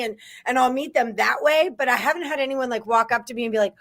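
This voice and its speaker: Woman hosting a betting show, kinda high voice, chatty and playful. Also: fast talker, hardly any pauses, a bit bright. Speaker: host. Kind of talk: casual sports betting chat.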